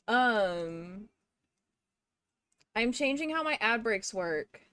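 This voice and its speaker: A slightly high, very animated voice with drawn-out words belongs to a young woman streaming at home. She's a bit bright and smooth with no echo, casually chatting and ranting with lots of swearing, a touch breathless.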